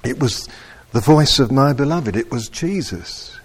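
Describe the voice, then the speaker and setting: Slow, emphatic preacher man. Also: mid-range voice, breathy edge. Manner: slow, animated, rising to loud emphatic peaks. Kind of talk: sermon.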